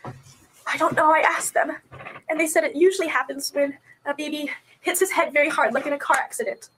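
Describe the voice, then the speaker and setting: A woman, a mother, recounting events in a recorded police interview, distraught and soft-voiced, her voice often breaking into tears. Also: high-pitched, a little fast, slight background noise, rough recording. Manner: soft-voiced, quiet when upset. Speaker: mother being questioned by police.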